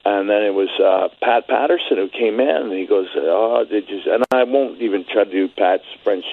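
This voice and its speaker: A middle-aged man telling a story as an interview guest, halting with many restarts. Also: lowish voice. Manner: halting, many restarts, grows quiet and shaky when emotional. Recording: phone-line audio.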